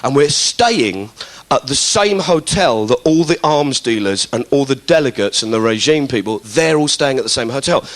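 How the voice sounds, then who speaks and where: A comedian tells a stand-up story in a sardonic, conversational way, acting out characters. His mid-range voice has lively intonation at normal speed with few pauses, on a hissy live recording.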